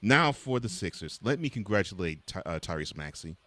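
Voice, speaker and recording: A man's voice: sits low, very animated, brisk, sharp tone. A man co-hosting a sports talk show, speaking earnestly and addressing players directly with congratulations. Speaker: co-host.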